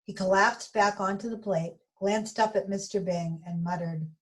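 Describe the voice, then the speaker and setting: A woman reading a bedtime story aloud in a gentle, expressive way. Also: on the low side, moderate pace, few pauses, low-quality recording.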